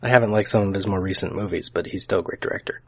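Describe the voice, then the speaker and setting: A man guest on a podcast, chatting casually about movies in an easygoing way. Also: low voice. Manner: quick, easygoing, laughing along. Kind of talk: casual chat.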